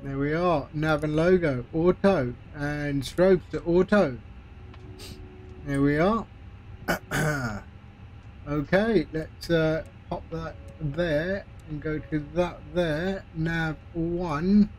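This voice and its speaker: A man's voice: on the high side, drawn-out words, slight background noise. A man streaming a flight simulator, chatting casually as he talks through each step with friendly asides. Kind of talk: live-stream commentary while playing.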